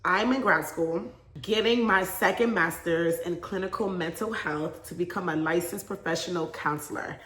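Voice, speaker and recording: Young female vlogger, bright and chatty, laughs easily, roomy echo on the recording. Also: lowish voice. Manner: chatty and animated, laughs often. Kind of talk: casual storytime chat.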